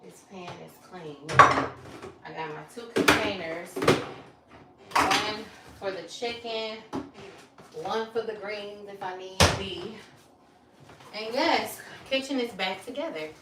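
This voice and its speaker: A woman's voice: mid-range voice, slow, pauses often. A woman chatting casually to her viewers as she cooks in a home kitchen, talking straight to them as y'all. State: out of breath. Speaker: vlogger. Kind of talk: casual cook-with-me chat to viewers. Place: home kitchen, running water and frying. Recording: echoey kitchen with faint background noise.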